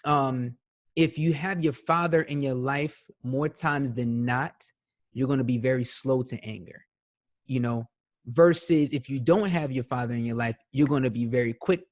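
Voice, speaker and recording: A man's voice: mid-range voice, moderate pace. A man hosting a podcast, talking in a loose, conversational way and often checking in with his guest. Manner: conversational, leans on "you know what I'm saying". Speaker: podcast host. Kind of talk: casual interview chat.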